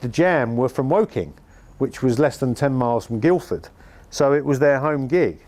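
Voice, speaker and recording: In this anecdotal interview, a former band manager and music promoter with an English accent spins stories with dry, wry humor. He speaks at a moderate pace in a mid-range, somewhat mellow voice.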